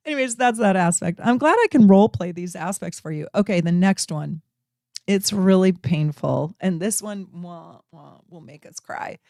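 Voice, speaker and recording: A woman hosting an astrology channel, talking casually to camera as an animated storyteller who laughs and acts out voices. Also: medium pitch, moderate pace, no room sound, studio quality.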